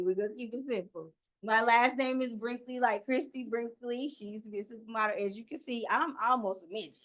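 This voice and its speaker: A woman's voice: on the high side, fairly bright tone. Joking Southern woman with a country accent. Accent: Southern US, North Carolina country. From North Carolina, USA. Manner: chatty, joking, spells things out slowly. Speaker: new-home sales agent. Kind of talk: pitch to a team meeting.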